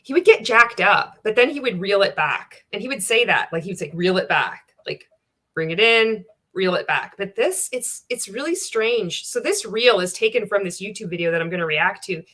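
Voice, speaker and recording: Woman host, reaction commentary, bright tense tone, blunt and profane. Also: medium pitch, animated, fairly quick, few pauses. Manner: candid, profane, wry, laughs often. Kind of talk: casual commentary reacting to a clip.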